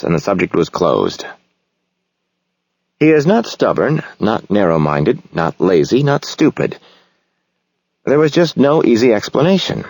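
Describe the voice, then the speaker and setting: A man narrating a novel in the first person, reflective and measured. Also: low-pitched, a little mellow, dry recording. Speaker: audiobook narrator.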